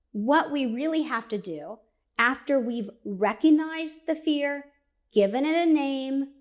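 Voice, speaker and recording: A woman giving a conversational motivational talk, energetic and direct, acting out inner voices as she speaks. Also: a little high. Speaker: speaker and coach.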